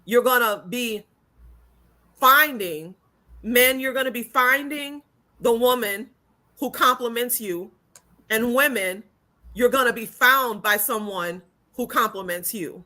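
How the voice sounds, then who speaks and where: A woman's voice: fairly high pitch, slow pace, bright, forceful tone. A woman speaking as the guest on a relationship chat show, upbeat and affirming, often chiming in to agree with the host. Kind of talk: casual chat.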